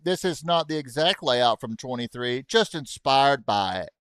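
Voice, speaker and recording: A man's voice: mid-range voice, slow, a bit bright, clean tone, no room sound, clean studio sound. A man streaming a racing game, chatting casually to his viewers, rambling and getting sidetracked with jokes. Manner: rambling, easily sidetracked, joking; talks to chat with y'all asides. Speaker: gaming streamer.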